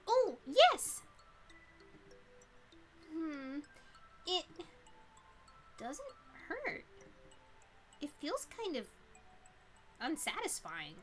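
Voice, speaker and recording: Woman playing a bubbly high-voiced schoolgirl. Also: wildly swooping pitch, extremely slow, long pauses, a bit bright, soft background music, heavily acted. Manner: bubbly, panicky outbursts. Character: excitable cheerful teenage girl student. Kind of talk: reading a visual novel aloud.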